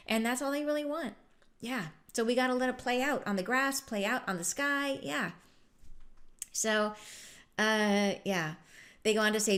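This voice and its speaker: A woman spiritual teacher giving a relaxed, reflective talk with a chatty, often laughing manner. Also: fairly high pitch, normal speed.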